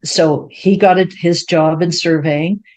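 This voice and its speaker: A woman, sitting as a guest in an interview. She tells her story with energy and often jumps into the voices of the people in it. Her speaking voice sits a little lower than most women's. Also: measured pace. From Ontario, Canada. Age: 70s. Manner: animated, acts out quoted speech in a raised voice.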